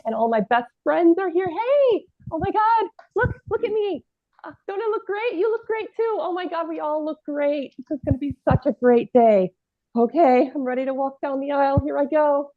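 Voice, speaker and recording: A woman doing a giddy young bride who gushes that everything is perfect. Her voice is high and bright, and it comes through a dry, tinny, phone-like line. The whole thing sounds like a video call. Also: moderate pace, no room sound. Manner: gushing, repeats "perfect" and "great". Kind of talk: improv scene.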